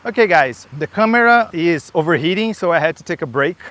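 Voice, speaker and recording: Slightly high-voiced guy out of breath on skates, rambly chatty vlog outside in a park, camera in hand. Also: lively intonation, a little fast, fairly bright tone, a little hiss or hum. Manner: rambling, chatty, self-interrupting asides. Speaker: skate builder vlogger. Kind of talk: casual vlog while skating. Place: outdoor park with trees. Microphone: camera held in hand or strapped to body.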